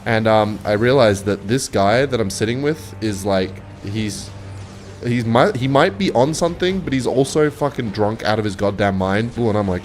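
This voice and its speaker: A man's voice: medium pitch, expressive, fairly quick, a little hiss or hum. A young man telling a rambling, swear-filled story while commenting on his gameplay, often cutting himself off mid-sentence. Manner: rambling, swears a lot, self-interrupting. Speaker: gaming video creator. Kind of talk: casual storytelling over gameplay.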